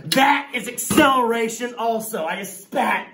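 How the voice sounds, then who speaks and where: Excitable high-voiced male teacher, echoey classroom. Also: measured pace, heavy background noise. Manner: playful, excitable, jokey. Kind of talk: classroom lesson. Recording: echoey room, mic at a distance.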